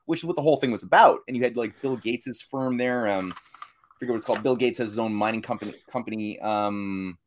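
A man's voice: on the low side, quick pace, slight background noise. A man appearing as a podcast guest in casual political talk, rambling and listing things with many fillers. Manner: rambling, loose with fillers, lists items.

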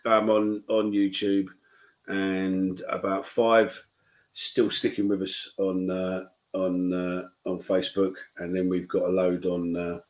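A man's voice: deep voice, little pitch movement, slow, rough recording. A man co-hosting a casual football chat show, blunt and sweary. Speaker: podcast co-host.

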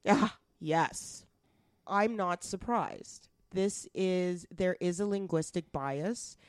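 A woman's voice: on the low side, slow, clean tone, dry recording. Blunt, outspoken Canadian woman co-host. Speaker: podcast co-host. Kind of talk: casual chat.

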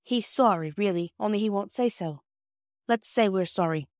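A woman reading a classic children's storybook aloud and voicing a sensible older girl who gently smooths over a quarrel. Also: mid-range voice, normal speed, dry recording, clean studio sound, pitched above the performer's own voice, lightly acted. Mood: conciliating. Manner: gentle, coaxing. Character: sensible eldest girl, peacemaker.

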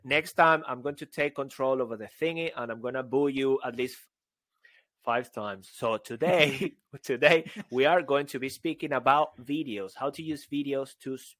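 A man co-hosting a podcast as a speaking coach, joking around, breaking into song and bursts of shouting. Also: mid-range voice, moderate pace, dry recording. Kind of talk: playful podcast banter.

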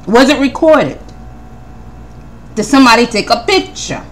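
A woman hosting a podcast, talking through her notes in casual commentary, firing off one pointed question after another and often repeating her words. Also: fairly high pitch. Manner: animated, rapid-fire questioning, repeats words; preacherly Christian tone. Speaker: podcast host.

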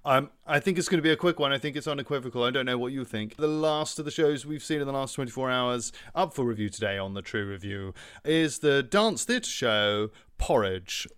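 A man hosting a spoof arts review show, delivering it in a deadpan, mock-serious presenter tone. He drops in frequent ums and uhs as he goes. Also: mid-range voice, a little fast, smooth. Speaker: host. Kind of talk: deadpan comedy review chat.

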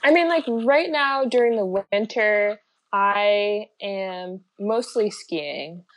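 A woman's voice: medium pitch, slow, no room sound. A young woman chatting casually as a podcast guest, laughing often and filling with lots of likes and ums. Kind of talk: casual chat.

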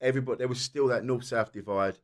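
A man's voice: mid-range voice, fast. A man in his forties from southern England, a guest telling stories animatedly and swearing freely in a hotel room. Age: 40s. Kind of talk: casual chat.

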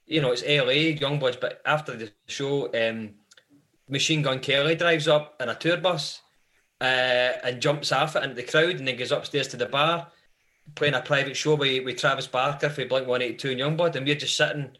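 Bright-voiced Scottish man telling tales. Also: medium pitch, fairly even intonation, normal speed. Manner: rambling anecdotal storyteller. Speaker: band member guest. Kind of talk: live podcast interview.

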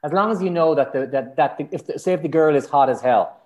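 A man's voice: a little high, fast talker. Irish man telling matchmaking stories. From Ireland. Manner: animated storyteller, acts out clients' lines. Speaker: matchmaker, podcast guest. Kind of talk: candid conversational interview.

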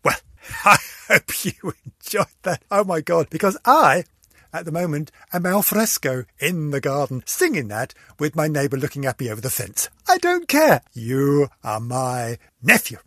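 A man's voice: a little high, very animated, moderate pace, no echo, clean studio sound. Camp older man hosting a podcast. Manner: theatrical, camp, teasing, swings between loud and soft. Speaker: podcast host. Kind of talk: camp comic monologue.

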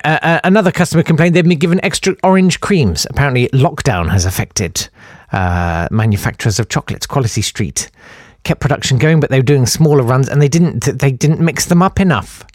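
A man's voice: medium pitch, dry recording, clean studio sound. A man hosting a comic news podcast, sarcastic and rambling with lots of ums. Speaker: podcast host.

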